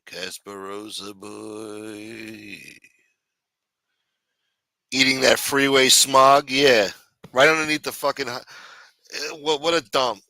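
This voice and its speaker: A male talk show host rambles through sardonic, foul-mouthed commentary. His voice is bright and forceful, recorded dry and close. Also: medium pitch, steady tone, moderate pace, no echo. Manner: sardonic, profane, mumbling asides. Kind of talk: casual profane commentary.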